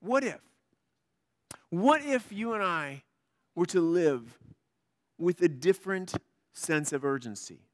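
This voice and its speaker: A man's voice: high-pitched, lively intonation, slow pace, long pauses, no echo, clean studio sound. A man preaching a sermon as pastor, telling a personal story in a conversational way with lots of fillers.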